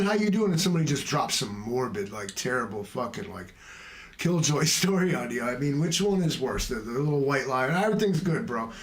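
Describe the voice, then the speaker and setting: A man's voice: medium pitch, reverberant. A man hosting a casual livestream, rambling from topic to topic in a jokey, self-mocking way. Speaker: livestream host.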